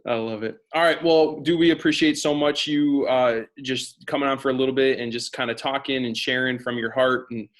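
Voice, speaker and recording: A man's voice: medium pitch, steady tone, fairly quick, hardly any pauses. A man hosting as school chaplain, friendly and jokey in casual chat.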